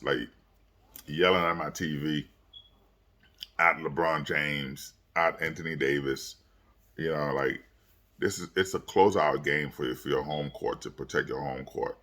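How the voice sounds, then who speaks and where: A man reacting to a basketball game in a casual, rambling way, repeating words and using many fillers, growing louder when worked up. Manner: gets loud and high when worked up. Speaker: basketball commentator.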